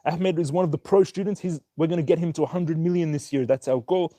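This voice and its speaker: Upbeat male livestream host, mellow voice. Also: on the high side, fast talker, no room sound. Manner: upbeat, reads viewer names and places one after another. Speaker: stock market livestream host. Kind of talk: casual livestream chat, greeting viewers.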